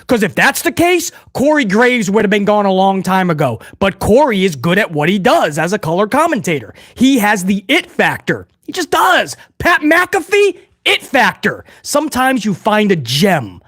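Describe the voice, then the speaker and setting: A man talks straight to his viewers about wrestling news in a casual, opinionated way, with his pitch jumping all over as he makes his points. The sound is close and dry, with no room around it. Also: dry recording. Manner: blunt, animated, addresses viewers as guys. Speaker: wrestling news channel host.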